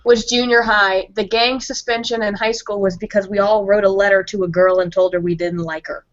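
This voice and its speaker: A woman's voice: medium pitch, fairly even intonation, fairly quick. A woman in her twenties telling candid stories from her school days in casual chat on a video call. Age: 20s. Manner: candid, laughing storyteller. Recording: dull lo-fi sound.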